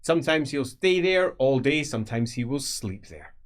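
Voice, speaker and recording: A man's voice: medium pitch, animated, moderate pace. A man narrating a tabletop fantasy game as game master, descriptive and casually swearing.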